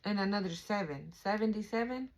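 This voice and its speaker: A woman's voice: mid-range voice, animated, fairly quick, low-quality recording. A young adult woman giving a casual spiritual card reading, chatty and affirming, with fillers and swearing. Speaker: tarot reader.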